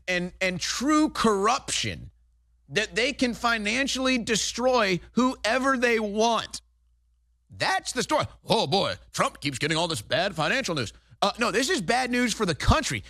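A man's voice: high-pitched, sharp tone, no echo, studio quality. A man hosting a political talk show, delivering heated, sarcastic, indignant commentary.

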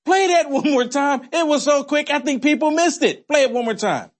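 Male show host, very high-pitched, indignant, rhetorical, sarcastic commentary. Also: animated, moderate pace. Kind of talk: opinionated commentary.

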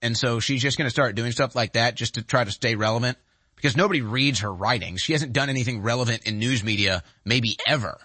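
Forceful, sarcastic male political host. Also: medium pitch, a little fast, breathy edge, no room sound. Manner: sarcastic, emphatic, combative. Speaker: talk show host. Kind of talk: political commentary.

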